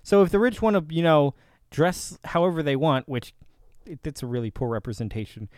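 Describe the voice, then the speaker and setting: A man ranting in a sarcastic, combative reaction commentary, swinging from loud outbursts to low mutters. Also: brisk, dry recording, studio quality. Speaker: reaction video host.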